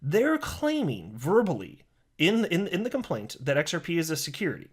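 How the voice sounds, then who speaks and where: A man's voice: fairly high pitch, normal speed, slightly rough. A man doing solo commentary for his channel, reading tweets aloud and ranting sarcastically, sometimes stopping to restart a line. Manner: animated, sarcastic ranting with mocking insults; self-correcting, restarts lines. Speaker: crypto YouTuber.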